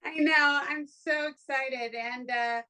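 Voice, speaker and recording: A woman's voice: sits high, steady tone, slow pace, bright, forceful tone, rough recording. A woman hosting a podcast from her home studio, chatting casually in an effusive, emotional way, with many restarts. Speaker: podcast host. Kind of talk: casual chat.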